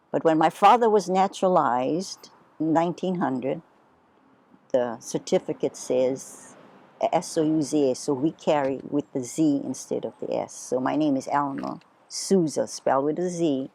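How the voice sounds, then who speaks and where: A woman, unhurried and homely as she tells stories from her life in an oral history interview. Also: sits low, dark tone. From Hawaii. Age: 80s. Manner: unhurried, homely storyteller who spells words out. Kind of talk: reminiscing storytelling.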